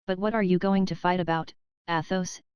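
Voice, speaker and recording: A woman reading the lines of a suave, churchly male musketeer in an audiobook, smooth and discreet. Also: lowish voice, steady tone, moderate pace, no room sound, muffled recording, natural voice.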